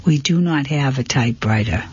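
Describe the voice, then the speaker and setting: A man's voice: mid-range voice, normal speed, husky. A man doing a fussy, flustered old shop dealer. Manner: flustered, apologetic, muttering. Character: fussy middle-aged male antique dealer. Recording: dull, lo-fi, dry.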